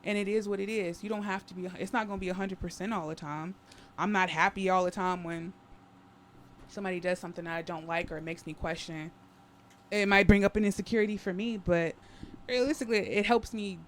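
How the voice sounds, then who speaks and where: A woman's voice: mid-range voice, steady tone, a little fast, a little hiss or hum. A woman guesting on a podcast, speaking in a reflective and direct way. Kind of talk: casual podcast chat.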